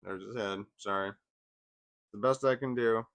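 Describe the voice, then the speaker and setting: A man's voice: on the low side, unhurried, smooth. A man talking casually in a vlog, hesitant and full of restarts. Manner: hesitant, repeats words and restarts often; coos softly at his dog. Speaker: vlogger.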